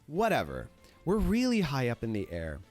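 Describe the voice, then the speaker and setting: A man casually telling a story, animated and profane, filling his talk with "like". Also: mid-range voice, moderate pace, faint music behind. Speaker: streamer.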